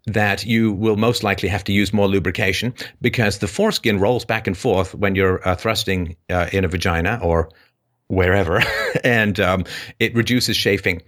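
A male call-in show host debating a caller, lecturing forcefully, cutting in and jumping up in pitch to stress his points. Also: fairly even intonation, normal speed.

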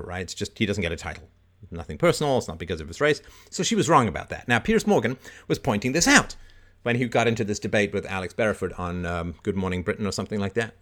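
Middle-aged male livestream host, lively swooping delivery, mocking, quick to laugh, acts out quoted voices. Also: on the low side. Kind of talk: casual livestream monologue.

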